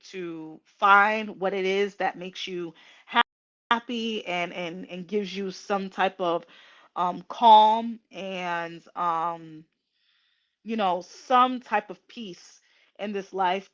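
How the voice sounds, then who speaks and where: A woman host talking slowly and emotionally to her viewers, with many pauses, ums and restarts, near tears. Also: medium pitch, a bit bright, muffled recording. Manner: tearful and emotional. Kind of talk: casual heartfelt livestream talk.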